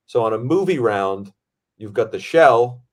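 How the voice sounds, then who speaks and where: Man, podcast host, medium pitch, casual storytelling, animated, profane. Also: unhurried. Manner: animated, profane, lots of fillers.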